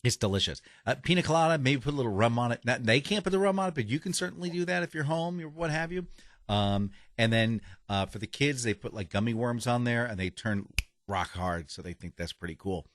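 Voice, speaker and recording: A man's voice: mid-range voice, lively intonation, brisk, no room sound, clean studio sound. A man co-hosting a casual podcast, rambling and cutting himself off as he reads a sponsor spot. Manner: rambling, self-interrupting. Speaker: podcast co-host. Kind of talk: casual podcast chat with a read ad.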